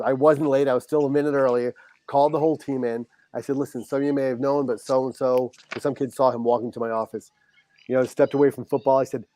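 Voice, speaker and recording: A middle-aged man speaks in an ordinary mid-range voice, sharing an earnest, heartfelt story as a podcast guest. As a high school football coach, he acts out the back-and-forth dialogue with warmth and conviction. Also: no echo.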